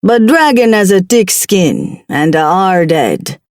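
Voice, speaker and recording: A woman voicing a towering male scorpion demon with a Jamaican accent, a low, dark voice and a slow, taunting manner, in an audiobook. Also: expressive, no room sound, clean studio sound. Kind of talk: audiobook character voice.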